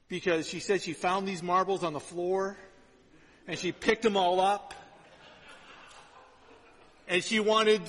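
A middle-aged male pastor delivers a sermon in a lively, storytelling manner. His voice sits a bit high, and he often restarts his phrases. A long reverb trails after him, as in a large sanctuary. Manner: storytelling, animated and conversational, with quick repeated restarts.

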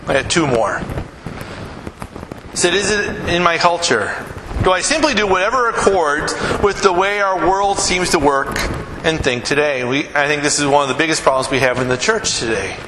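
A middle-aged man preaches in a relaxed, conversational way, asking his listeners questions and acting out little stories. His voice sits a bit high for a man. It rings through a big reverberant hall with clear noise behind it. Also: normal speed. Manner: conversational preacher, rhetorical questions, acts out anecdotes. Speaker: pastor. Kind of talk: sermon.

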